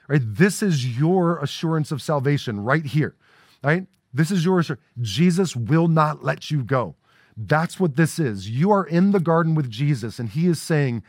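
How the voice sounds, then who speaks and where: A man's voice: mid-range voice, a little mellow, no echo, clean studio sound. A man preaching a sermon as a pastor, talking in a casual way and often checking in with "right?". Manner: conversational preaching with frequent "right?" asides. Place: church sanctuary.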